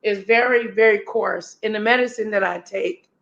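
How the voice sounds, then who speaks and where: A woman hosting a casual chat, hoarse today, joking loudly and laughing often. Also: mid-range voice, moderate pace, dull audio. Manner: loud playful banter, laughs often. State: raspy right now. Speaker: host.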